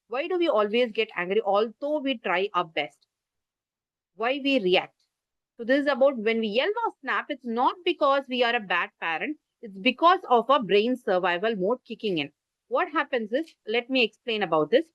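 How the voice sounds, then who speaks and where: Over muffled, lo-fi video call audio with no room sound, a woman with an Indian English accent runs an online parenting class. Her voice is a little high and fairly bright, and she uses gestures while explaining and asks listeners to type in the chat.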